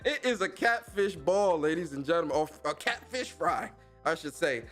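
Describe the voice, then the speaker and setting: A man hosting a casual live stream, giving rapid slangy shout-outs to his chat. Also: on the high side, big pitch swings, faint music behind. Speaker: podcast and stream host.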